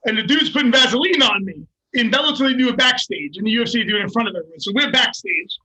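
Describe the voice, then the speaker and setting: A middle-aged man, a fighter, telling a story in a casual, profane and animated way and laughing at himself. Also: very high voice, quick pace, breathy edge, poor audio. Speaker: guest, MMA fighter.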